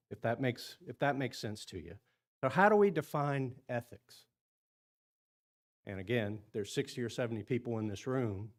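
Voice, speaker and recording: A man presenting at an engineering seminar in a meeting room, chatty, often repeating words and asking the audience questions. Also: mid-range voice. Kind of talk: conference talk to engineers.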